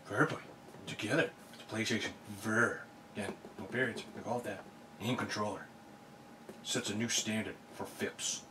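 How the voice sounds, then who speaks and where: A man's voice: lowish voice, steady tone, normal speed. A man doing a sarcastic unboxing vlog, ranting about the packing and mocking the product text. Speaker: unboxing vlogger. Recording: distant mic, noisy room.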